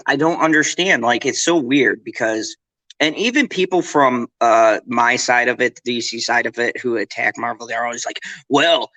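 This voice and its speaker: A man's voice: mid-range voice, no echo, low-quality recording. A man co-hosting a live pop culture stream, talking casually and ranting with lots of swearing. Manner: animated, profane, ranting.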